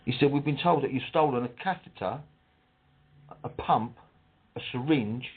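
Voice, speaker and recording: A man's voice: mid-range voice, moderate pace, husky. A middle-aged man, telling his story emotionally with restarts and acting out the exchanges. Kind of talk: casual personal account. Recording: tinny phone line.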